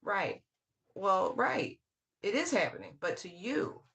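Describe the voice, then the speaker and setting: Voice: mid-range voice, big pitch swings, takes it slowly, vocal fry, pushed and bright. A tarot reader giving a casual channeled reading, full of slang and swearing, who scolds with sassy call-outs and repeated phrases. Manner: slang-heavy, swears freely.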